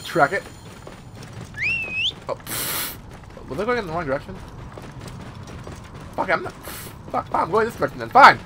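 A man giving let's play commentary over a video game, loud, joking and heavily profane. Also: high voice, big pitch swings, normal speed, pauses often, very noisy. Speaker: gaming video host.

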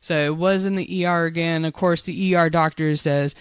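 A woman's voice: deep voice, fairly even intonation, fairly quick, few pauses, smooth, dry recording, clean studio sound. A woman hosting her own podcast in a casual solo monologue, telling a story candidly and heatedly, with frequent restarts. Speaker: podcast host.

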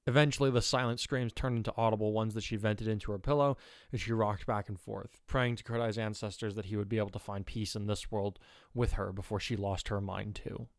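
A man reading fan fiction aloud in a steady, measured narration. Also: lowish voice, dry recording, clean studio sound. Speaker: audiobook narrator.

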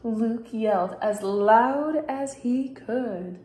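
A young woman teacher reading a children's picture book aloud, expressive, with big shouted lines for the characters. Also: a little high, extremely slow. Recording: echoey room.

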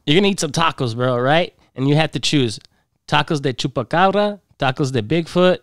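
A man hosting a podcast in casual chat, relaxed and slangy, calling his guest bro and man. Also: on the high side, a little fast, no room sound, clean studio sound. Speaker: podcast host.

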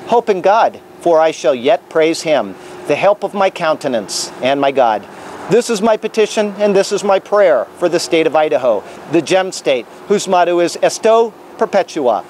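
A man with a high voice preaches in the open air as a traveling minister. He reads prayers and scripture earnestly and solemnly. Faint background noise is heard outdoors. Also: darkish tone. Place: outdoors on capitol grounds.

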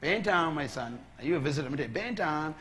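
A man preaching a sermon as a pastor, moving from calm teaching to loud, shouted preaching. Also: fairly high pitch, fast. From Bahamas. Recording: long hall reverb.

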